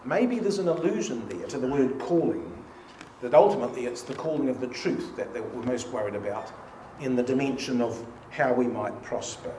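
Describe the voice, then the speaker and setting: A man's voice: mid-range voice, animated, moderate pace. A man leading a church study meeting, reading hymn and psalm lines aloud with emphasis. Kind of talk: informal Bible study talk. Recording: echoey room with faint hiss.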